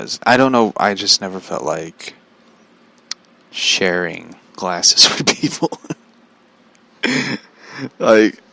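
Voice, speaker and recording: A man hosting a podcast in a casual chat, rambling and halting, with many "like" fillers and chuckles. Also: on the low side, vocal fry, bright, forceful tone, dry recording. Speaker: podcast host.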